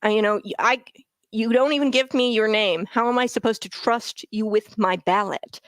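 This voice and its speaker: Fairly high-pitched and speaking at a moderate pace, a woman hosts a political talk show with no room sound in the recording. She offers opinionated commentary as a talk radio host, getting heated and hammering phrases through repetition.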